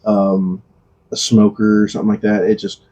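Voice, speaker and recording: A man chatting casually on a podcast. His voice is husky and dark in tone, and he rambles loosely and swears often while ribbing his friend. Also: on the low side, little pitch movement, moderate pace. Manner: rambling, swears freely, teasing. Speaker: podcast co-host. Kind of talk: casual chat.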